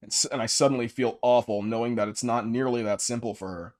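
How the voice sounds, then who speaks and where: A man's voice: mid-range voice, steady tone, quick pace, hardly any pauses. A man streaming a visual novel, reading its narration aloud and cracking crude jokes with a friend. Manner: profane, jokey, reads narration aloud. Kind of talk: casual let's play, reading game text aloud.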